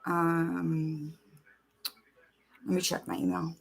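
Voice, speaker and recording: Woman host, bright forceful voice, casual swearing livestream chat, talks while scrolling her phone. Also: mid-range voice, animated, slow pace. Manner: chatty, swears, reads out messages while searching her phone.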